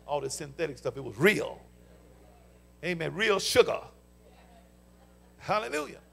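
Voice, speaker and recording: High, gravelly Southern preacher man. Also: sing-song, unhurried, fairly bright tone. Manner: fervent preaching with call-and-response interjections; folksy storytelling. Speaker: pastor. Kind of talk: sermon. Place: church sanctuary.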